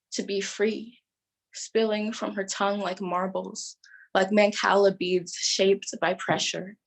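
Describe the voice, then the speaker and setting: A teenage girl performing spoken-word poetry in a youth slam, with a slow, deliberate delivery. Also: medium pitch, rough recording. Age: teens.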